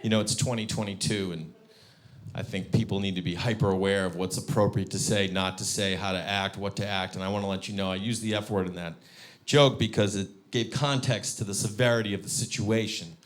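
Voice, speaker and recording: A man doing a stand-up comedy set on a live stage, animated and breaking into loud high-pitched punchlines. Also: brisk.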